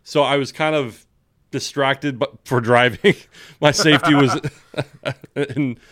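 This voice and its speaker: A man's voice: mid-range voice, steady tone, slow, fairly bright tone, no echo, clean studio sound. A man from Southern California co-hosting a podcast, telling a story casually and swearing a lot. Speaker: podcast co-host. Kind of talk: casual chat.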